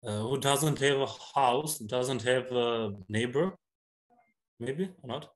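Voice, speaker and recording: A man from northeastern Albania guessing and explaining a proverb in a casual group discussion, halting and tentative. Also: medium pitch. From Dibra, Albania. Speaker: panelist.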